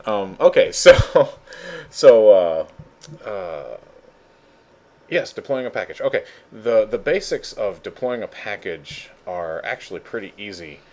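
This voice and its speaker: A man running a casual screen-share software tutorial, goofy and rambling with lots of fillers. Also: on the low side, animated, a little slow, slight background noise. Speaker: instructor.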